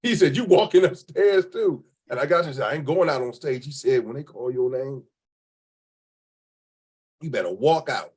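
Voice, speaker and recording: A man's voice: medium pitch, moderate pace, long pauses, slightly rough. A man from Cleveland, a spoken word poet, telling stories as an interview guest in a casual, colloquial way, acting out the voices of people he quotes. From Cleveland, Ohio.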